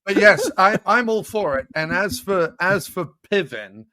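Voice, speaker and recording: A man's voice: high voice, animated, a little slow, bright, forceful tone, slight background noise. A man hosting a podcast in casual chat, joking and launching into mock rants. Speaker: podcast host.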